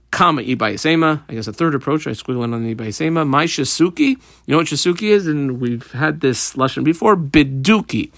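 A man teaching a Talmud lesson, explaining Aramaic phrases in casual English with a lively, conversational manner. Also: a little high, normal speed, dry recording, studio quality.

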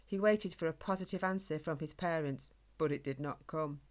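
A woman narrating a children's animal story in a gentle, measured way. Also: deep voice.

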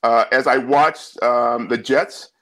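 A man giving his take on football as a guest analyst, measured, with many fillers and repeats. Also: mid-range voice, fairly even intonation, bright, forceful tone, rough recording. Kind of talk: casual sports talk.

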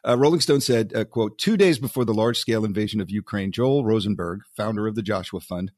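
A man co-hosting a podcast, agreeable and quick to laugh, reading quotes with a sarcastic flourish. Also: lowish voice, darkish tone, no room sound, clean studio sound. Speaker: podcast co-host. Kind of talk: casual podcast discussion.

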